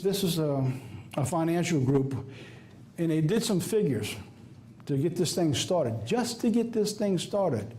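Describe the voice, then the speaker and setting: A man's voice: a little high, dark tone, a little hiss or hum. A man with a Southern US accent preaching a sermon, emphatic and folksy, firing off rhetorical questions. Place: church office or studio.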